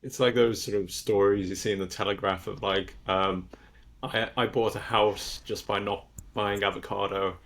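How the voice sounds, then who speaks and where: A man's voice: fairly low pitch, steady tone, moderate pace, a bit bright. A man hosting a podcast, chatting casually and hesitantly with lots of fillers. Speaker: podcast host. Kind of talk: casual interview chat.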